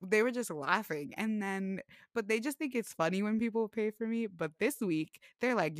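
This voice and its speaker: A young woman in her twenties telling a casual story on a podcast. She fills her talk with "like" and grows animated when she quotes others. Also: medium pitch, moderate pace, hardly any pauses, dry recording, clean studio sound. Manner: chatty, full of "like", animated when quoting others.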